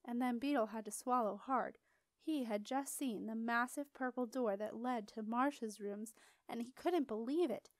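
A woman reading a children's storybook aloud with expressive, lively storytelling. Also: fairly high pitch, moderate pace, dry recording. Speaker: audiobook reader. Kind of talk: storybook narration.

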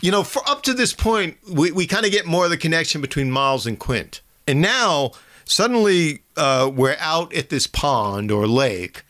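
A male podcast co-host chats about a film, jumping in eagerly with reactions and details. His voice is bright and pitched a bit high for a man, swinging up and down as he talks. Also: expressive. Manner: enthusiastic, chimes in, quick reactions. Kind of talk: casual film discussion.

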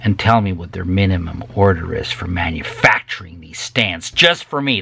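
Low, gravelly, and slightly rough yet bright, this middle-aged man's forceful voice moves at normal speed with few pauses. A guitar maker pitching stands, he rants unscripted and impassioned to camera, repeating words to stress them.

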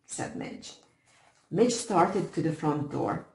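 Woman, audiobook narration, measured, lowish voice, roomy echo. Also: lively intonation, creaky, darkish tone. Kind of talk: scripted narration.

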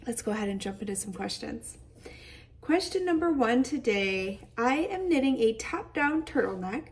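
Woman podcast host, tired hazy voice, fairly high pitch, mic set back a little. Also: husky. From Michigan. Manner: chatty, warm-hearted, enthusiastic with fillers. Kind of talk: casual knitting podcast, answering questions. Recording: voice a bit distant from the mic.

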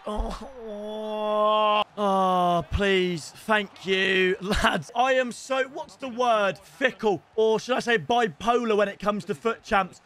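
Excitable high-voiced gaming streamer. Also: male voice. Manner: excitable, swings between hype and groaning. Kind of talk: live gameplay commentary.

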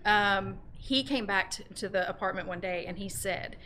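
A woman in her fifties chats as a podcast guest, telling animated stories and acting out the lines of the people in them. Her voice is bright and forward. A faint hiss sits under the recording. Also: mid-range voice, moderate pace. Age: 50s. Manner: animated storyteller who acts out quoted voices. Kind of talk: casual chat.

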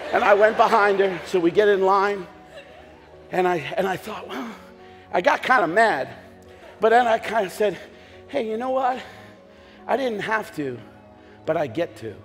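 A pastor preaching a sermon in a church, telling stories with humor and sudden shouted lines. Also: male voice, high-pitched. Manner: animated storytelling with jokes and bursts of shouting. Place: church sanctuary. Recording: long hall reverb, faint music behind.

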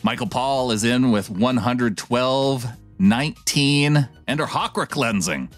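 Speaking slowly at a medium pitch, this podcast co-host gives a listener's email a playful, theatrical reading, then moves on to casual chat. Soft music runs underneath.

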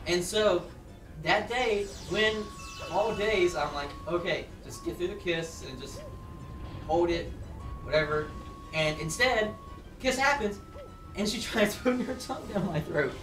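A young man telling a story in a rambling, casual way while playing a game, with lots of fillers and sudden loud outbursts. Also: high-pitched, a little slow, far from the mic. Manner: rambling, filler-heavy, bursts into loud exclamations. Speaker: let's play host. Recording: echoey room, voice off-mic. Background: game music.

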